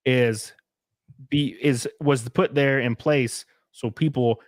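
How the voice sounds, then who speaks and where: A blunt, profane man talking casually as a podcast host, telling stories with plenty of animation. His voice sits at an everyday middle pitch. The sound is dry and close, with no room around it. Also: steady tone, takes it slowly, no echo. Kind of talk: casual chat reading viewer comments.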